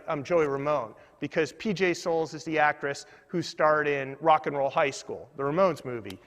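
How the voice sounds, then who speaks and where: A man's voice: fairly high pitch, moderate pace, in a large hall. Meandering man telling a comic story. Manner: meandering, self-deprecating, deadpan asides. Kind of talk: comedic personal storytelling.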